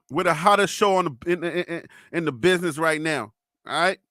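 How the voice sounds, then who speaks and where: A man hosting a live sports stream, teasing chat viewers with loud, playful talk. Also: fairly high pitch, moderate pace, dry recording, studio quality. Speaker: live sports show host.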